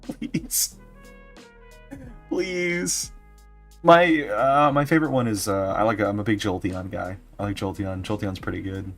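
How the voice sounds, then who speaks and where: A man's voice: fairly low pitch, a little fast, few pauses, fairly bright tone, soft background music. A man streaming as a vtuber, chatting casually and playfully with his viewers and laughing often. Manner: giggly, playful, reacting to chat. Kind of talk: casual livestream chat.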